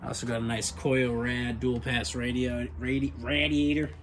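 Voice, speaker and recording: A man chats loosely about his car in a small home garage, dropping curses and fillers as he goes. His voice sits at an ordinary middle pitch. A steady hiss of noise runs under the recording. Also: normal speed. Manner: casual, swears, rambling with fillers. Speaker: garage vlogger. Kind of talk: casual walkaround chat.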